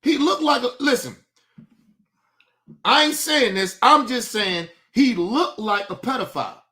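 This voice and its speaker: Guy with a real high, sharp voice cussing people out on his stream, picking fights. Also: expressive, a little slow. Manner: profane, combative, taunting. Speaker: host. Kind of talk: livestream commentary rant.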